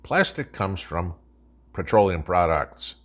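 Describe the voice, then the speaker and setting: A man's voice: deep voice, big pitch swings, slow pace, fairly bright tone. A man giving scornful, opinionated commentary as host, ranting and tagging his points with "okay?".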